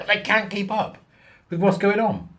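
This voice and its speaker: A man's voice: high voice, steady tone, takes it slowly, a bit bright. A man talking casually to camera, chatty and emphatic, a bit unwell and getting emotional. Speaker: vlog host. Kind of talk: casual solo commentary.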